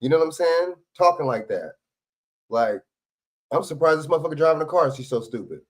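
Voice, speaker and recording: A man's voice: on the high side, lively intonation, fairly quick. A man hosting a livestream, arguing back at clips in blunt, profane casual commentary. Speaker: livestream host reacting to clips.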